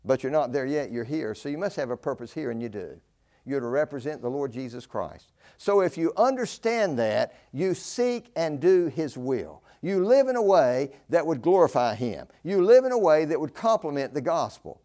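An older man preaching a fervent sermon, swinging between loud declaring and low, slow emphasis. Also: big pitch swings.

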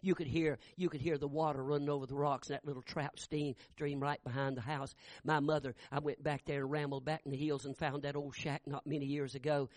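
Older preacher, folksy fervent storyteller. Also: male voice, a little high, level tone, a little fast, hardly any pauses, a little mellow, dry recording. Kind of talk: storytelling sermon.

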